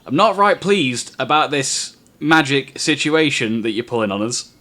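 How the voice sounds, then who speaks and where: A man's voice: mid-range voice, normal speed, pushed and bright, voice pushed up, natural voice. A man voicing a younger male thug who snaps and scolds his partner. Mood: irritated. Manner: snappish, scolding.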